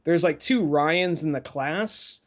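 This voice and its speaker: A man's voice: on the high side, takes it slowly, a bit bright, muffled recording. A man hosting a podcast, telling a story in casual chat that rambles and stops and starts. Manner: rambling, stop-start storytelling with lots of fillers. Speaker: podcast host.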